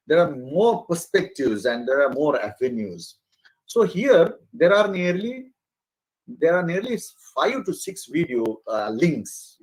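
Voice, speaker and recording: Man, lecturer, very lively pitch, slightly husky, expressive, lots of uh fillers. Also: low-quality recording. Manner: expressive, animated, with frequent fillers. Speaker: college lecturer. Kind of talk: online faculty training lecture.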